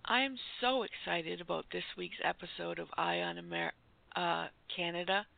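A woman's voice: lowish voice, moderate pace, vocal fry. A woman hosting a comic radio segment, gushing and giddy like a starstruck fan. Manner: gushing, giddy, breathless fangirl. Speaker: comedy segment host. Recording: phone-like narrow sound.

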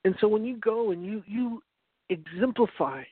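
Man, high voice, earnest preaching, restarts often, dry phone-like sound. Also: normal speed, slightly rough, dry recording. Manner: earnest storytelling with repeated restarts. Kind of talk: evangelistic teaching talk.

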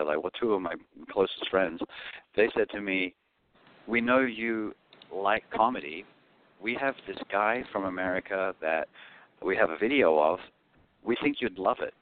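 A man with an Australian accent, a comedian telling stories as an interview guest and acting out the voices in them. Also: fairly low pitch. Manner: animated, acts out voices in his anecdotes. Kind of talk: storytelling interview. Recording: phone-like, dry line.

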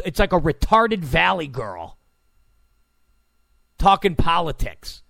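A man's voice: high-pitched, expressive, unhurried, gravelly, pauses often, fairly bright tone, no room sound. A man hosting a talk radio show, ranting in a sarcastic, mocking, abrasive tone.

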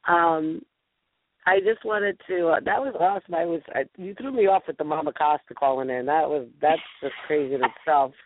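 A woman's voice: low-pitched, moderate pace, no echo. A woman hosting a call-in radio show, chatting in a bubbly, gushing way. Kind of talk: casual call-in chat. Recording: tinny phone-quality audio.

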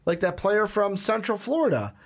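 A man's voice: high voice, sing-song, moderate pace. A young man hosting a podcast, talking loosely with swearing and lots of "um" fillers. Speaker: podcast host. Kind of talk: casual podcast chat.

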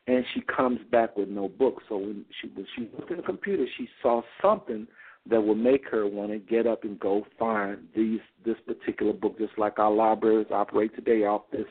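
Over a phone-line sound, a show host with a fairly low, slightly rough voice talks a little fast. He tells a rambling story in a folksy way, speaking straight to his listeners.

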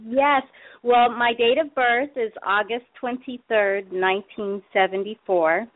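A woman's voice: on the high side, unhurried, dry recording. Cheerful woman calling in by phone. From Los Angeles, USA. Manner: cheerful, polite, grateful. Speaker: caller. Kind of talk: call-in phone conversation. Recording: phone line.

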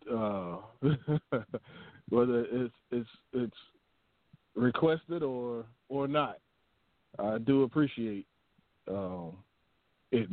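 Slow-talking male host on a phone line. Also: mid-range voice, no room sound. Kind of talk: casual chat.

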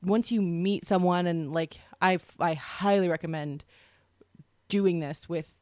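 A woman's voice: fairly low pitch, a little slow, warm tone, dry recording, studio quality. A woman co-hosting a podcast in casual chat, talking in a chatty, rambling way. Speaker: podcast co-host.

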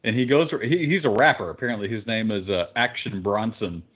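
A man's voice: on the low side, fairly quick. A man co-hosting a podcast, eagerly recommending things in casual banter. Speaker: podcast co-host. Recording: tinny phone-like sound.

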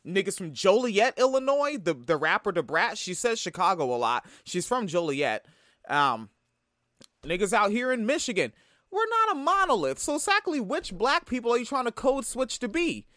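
A man from Tacoma gives profane reaction commentary, blunt and sarcastic. His pitch sits high and leaps around a lot. The close mic sounds dry, with no room around him. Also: very animated, normal speed, bright, forceful tone, no room sound. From Tacoma, Washington. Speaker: commentary vlogger reacting to a sketch.

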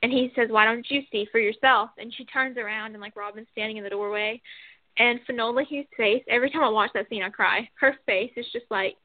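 Woman co-host rambling on and on, kinda high voice, thin phone-ish audio. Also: brisk, no echo. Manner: rambling, animated, lots of "like". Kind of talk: casual chat recapping soap scenes. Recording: phone-like dry sound.

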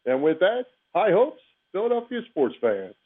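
A man's voice: high-pitched, huge pitch swings, moderate pace, very noisy. Chatty man on a phone-like line. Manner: friendly, chatty, repeats himself. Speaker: co-host. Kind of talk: casual sports radio chat.

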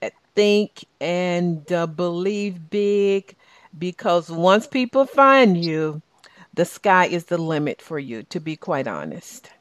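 A middle-aged woman with a Southern US drawl hosts a call-in coaching show. She talks slowly, in a lowish voice, with an encouraging tone and plenty of restarts. The sound is close and dry. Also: animated, dry recording. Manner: warm, encouraging, with many restarts and fillers. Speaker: radio show host and life coach. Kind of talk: casual talk show hosting.

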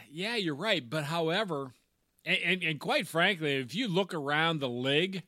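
A man's voice: fairly high pitch, expressive, normal speed, sharp tone, no echo, studio quality. A man co-hosting a sports podcast, rambling through his points with frequent restarts. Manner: rambling, restarts with repeated words. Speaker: podcast co-host. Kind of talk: casual sports chat.

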